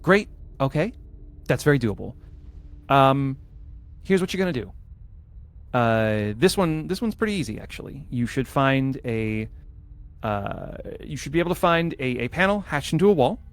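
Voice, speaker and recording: A man's voice: medium pitch, sing-song, moderate pace, long pauses. A man voicing a nervous, eager-to-help assistant talking over an intercom, relieved the group is real.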